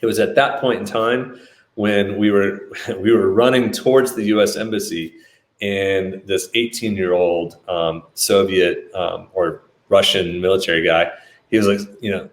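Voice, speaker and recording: Low-voiced man, animated storyteller, roomy echo. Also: unhurried. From United States. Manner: animated, acts out quotes. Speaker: business leader telling a story. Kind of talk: storytelling talk.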